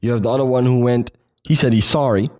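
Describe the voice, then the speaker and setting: A man's voice: mid-range voice, fast, darkish tone. A man co-hosting a casual podcast chat, swearing freely and acting out quotes in put-on voices. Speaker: podcast co-host.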